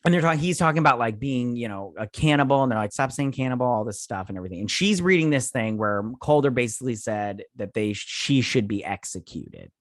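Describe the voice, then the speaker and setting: A man's voice: medium pitch, lively intonation, a little fast, hardly any pauses, no room sound, studio quality. A man hosting a TV review channel, giving a casual spoken recap and review, rambling loosely and searching for words mid-sentence.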